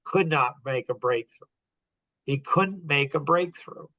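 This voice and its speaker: A man's voice: on the high side, a little slow, pushed and bright, no room sound. A middle-aged man hosting a podcast, telling a personal story in an earnest, heartfelt way, often restarting his sentences. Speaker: podcast host.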